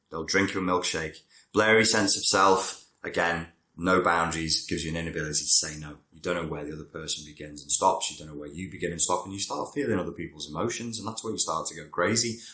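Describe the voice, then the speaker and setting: Deep guy, therapist rambling on about personality stuff, bright edge, roomy echo. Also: fast talker. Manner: conversational, digressive, wry asides. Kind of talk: talking-head explainer.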